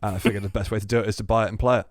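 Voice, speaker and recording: Rambling man with a low voice. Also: steady tone, racing, dry recording, clean studio sound. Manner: rambling, profane, restarts sentences. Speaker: podcast co-host. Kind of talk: casual chat.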